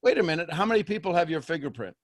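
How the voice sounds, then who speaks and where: A man coaching someone on a call, pressing with quick rhetorical questions. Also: fairly high pitch, expressive.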